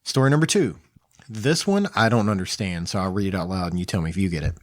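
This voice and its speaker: A man's voice: deep voice, expressive, fast talker, no room sound. A man in his thirties co-hosting a casual home podcast with his wife, teasing and joking. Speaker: podcast co-host. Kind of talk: casual chat.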